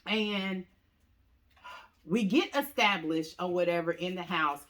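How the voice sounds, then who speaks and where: A woman casually telling a story to viewers, often calling them "y'all" and acting out what people said with big jumps in her voice. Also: slow. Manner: animated, acts out quotes with big pitch jumps; talks straight to viewers, says "y'all" often.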